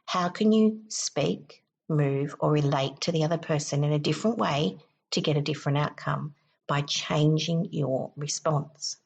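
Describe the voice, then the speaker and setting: A low-pitched woman with a husky, slightly gravelly voice talks a listener through a technique step by step. She sounds calm and instructive, like a self-help podcast host.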